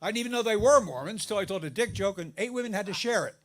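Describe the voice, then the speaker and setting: A middle-aged man doing a stand-up comedy set, telling stories about his marriage, his voice jumping up high for the punchlines. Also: quick pace. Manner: animated storytelling, voice jumps up for punchlines. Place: live comedy venue with audience laughter.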